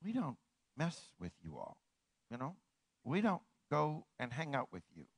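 A man pastor delivering a sermon in an animated way, swinging from hushed, slow passages to ringing declarations. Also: mid-range voice, gravelly, slightly rough, no room sound, poor audio.

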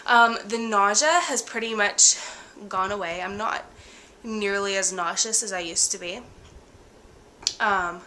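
A young woman talks to her camera in a casual vlog, worn out and breathless from a bad cold. Her voice is bright and forward despite the fatigue, and she drifts through ums and likes as she speaks candidly. A faint hiss sits under the recording. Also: medium pitch, measured pace, pauses often. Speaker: vlogger.

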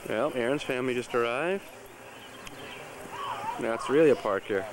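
A medium-pitched man speaking at normal speed narrates a home movie from behind the camera in a suburban backyard, cheering and guiding the children at play. Background noise and chatter from the party crowd come through the camcorder's built-in mic.

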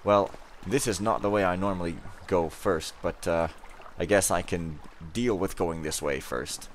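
A man's voice: sits low, unhurried, a little hiss or hum. A man giving casual let's play commentary, rambling with self-mocking, jokey asides.

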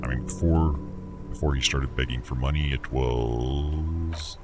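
A man's voice: rumbling low, a little slow. A man reading the lines of a tall young male cop who jokes loosely along with his partner. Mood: amused. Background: game music.

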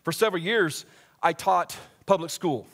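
A man's voice: on the high side, gravelly, fairly bright tone. A young male camp director preaching a conversational sermon, asking the audience questions and reading scripture aloud. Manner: reads scripture aloud at a quicker pace. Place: church hall before a live audience.

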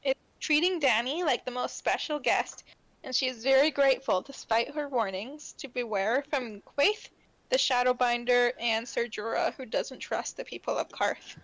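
A young adult woman co-hosting a casual book podcast, chatty and quick to laugh while recapping chapters. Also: a little high, a bit bright, no room sound, rough recording. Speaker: podcast co-host.

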